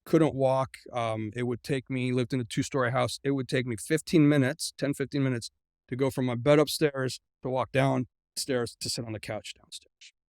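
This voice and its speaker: A middle-aged man as an interview guest, earnestly recounting a personal ordeal, often halting and repeating words as he speaks. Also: mid-range voice, steady tone, a little mellow, no room sound, studio quality. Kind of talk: personal storytelling in a conversation.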